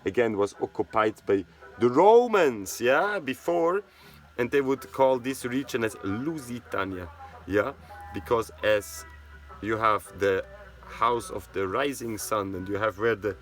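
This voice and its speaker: A man's voice: mid-range voice, a bit bright. A man with a Swiss German accent, a native Swiss German speaker from Switzerland, giving a rambling casual history talk with constant "yeah?" tag questions.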